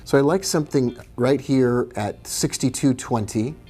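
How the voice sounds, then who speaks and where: A man's voice: mid-range voice, unhurried, mellow, breathy edge, soft background music. Chatty man hosting a live trading stream. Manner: casual, chatty, greets viewers by name. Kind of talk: live-stream commentary on charts.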